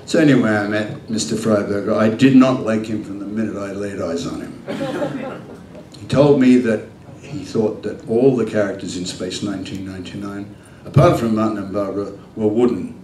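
A man's voice: lowish voice, normal speed. Older man telling stories in an echoey hall. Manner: lively anecdotes with acted-out dialogue and frequent laughs. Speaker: actor answering fan questions. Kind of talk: convention Q&A storytelling. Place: large convention hall. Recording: echoey hall, heard from far off, faint hum.

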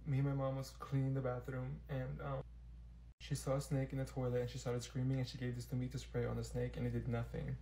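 A young man acting out comedy sketches, swinging between loud shrill outbursts and low mumbled asides. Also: monotone, fast talker. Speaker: comedy sketch creator playing many characters.

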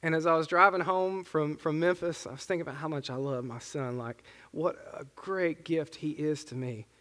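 A man's voice: a little high, normal speed, fairly bright tone. A man in his thirties, a pastor preaching a sermon in an earnest, conversational way with casual asides. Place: church sanctuary. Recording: long church reverb.

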